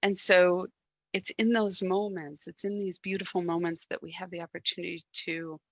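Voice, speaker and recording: A woman gives a sermon in a reflective, gentle way, with soft pauses and quiet moments. Her voice sits lowish and has a gravelly fry. The sound is dry and close. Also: little pitch movement, dry recording, lo-fi sound. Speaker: guest speaker at a church service.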